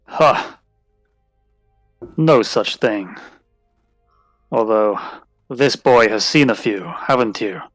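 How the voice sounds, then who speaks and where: A man's voice: lowish voice, slow, pauses often, a bit bright, dry recording, soft background music. A man playing a proud male warrior who rides a beast, speaking formally and boastfully in a tabletop game.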